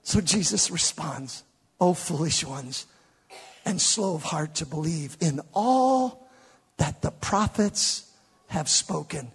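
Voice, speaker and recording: A man with a high, gravelly, husky voice preaches a sermon. He swings from shouted climaxes to low, chatty asides and plays with the congregation. The sound carries a long church-hall reverb. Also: animated, takes it slowly. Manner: conversational, playful with the congregation. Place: church sanctuary with live congregation.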